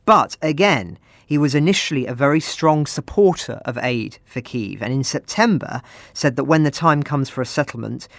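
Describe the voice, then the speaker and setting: A man hosting a news podcast, reading measured commentary with pointed emphasis. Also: medium pitch, animated, vocal fry, no echo, clean studio sound. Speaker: podcast host.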